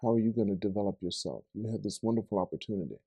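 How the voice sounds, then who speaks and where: A middle-aged man hosting a podcast interview, chatty and animated, cutting in with his own stories. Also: lowish voice, racing, vocal fry, husky, no room sound. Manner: animated, interjects and tells anecdotes. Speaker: podcast host. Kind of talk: conversational interview.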